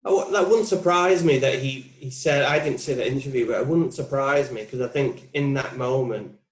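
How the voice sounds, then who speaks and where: In a roomy, echoey recording, a putting coach in his forties is interviewed and talks casually and reflectively. His medium-pitched voice moves at a moderate pace as he thinks aloud, frequently restarting his sentences.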